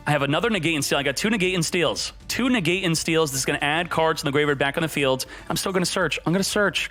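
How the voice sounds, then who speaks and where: A man's voice: a little high, fast talker, few pauses, a bit bright. Hyped male streamer over faint music. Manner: hyped, jokey, talks to himself while playing. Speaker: gaming streamer. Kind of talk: excited gameplay commentary.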